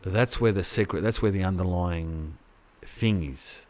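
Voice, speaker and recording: A man with a very deep voice talks loosely on a podcast. He rambles, restarts his sentences and swears casually as he thinks aloud. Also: measured pace, a little mellow. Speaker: podcast co-host. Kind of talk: casual chat.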